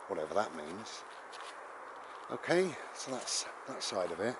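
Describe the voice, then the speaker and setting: A man's voice: lowish voice, big pitch swings, moderate pace. A man vlogging a rambling, conversational monologue, full of tag questions. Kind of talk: casual reflective monologue. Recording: noisy home recording.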